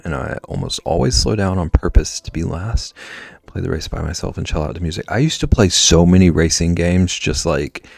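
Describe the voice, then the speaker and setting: A man's voice: low voice, gravelly, no room sound. A man chatting casually on a livestream, rambling and answering chat, with lots of filler "like".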